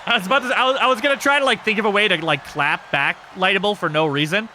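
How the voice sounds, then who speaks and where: A man hosting a live stream, giving casual commentary on a wrestling game with excitable, crude joking. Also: high-pitched, quick pace, a little hiss or hum. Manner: excitable, crude and joking, yelps at big moves.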